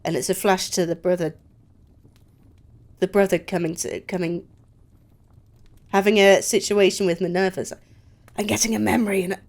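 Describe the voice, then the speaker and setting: A woman speaking as her character in a tabletop game, hesitant and filler-laden. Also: medium pitch. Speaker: player.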